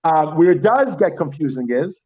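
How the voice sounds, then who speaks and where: A man teaching a Yiddish class, chatty and lively, who repeats words slowly and asks the class questions. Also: fairly high pitch, rough recording. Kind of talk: classroom lesson.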